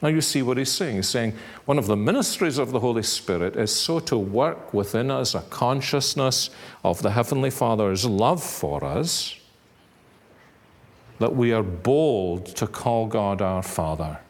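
A man preaching a sermon in a measured, earnest way, now and then rising to sudden emphatic stress. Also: mid-range voice, lively intonation.

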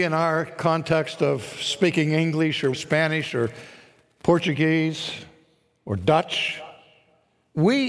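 A man preaching a sermon, deliberate and emphatic, rising to shouts on key words. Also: fairly high pitch. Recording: long reverb of a large hall.

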